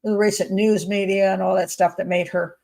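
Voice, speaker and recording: A woman's voice: medium pitch, level tone, fairly quick, gravelly, a little mellow. A woman criminal profiler hosting a casual livestream hangout for patrons, talking in a digressive, emphatic way and thinking aloud.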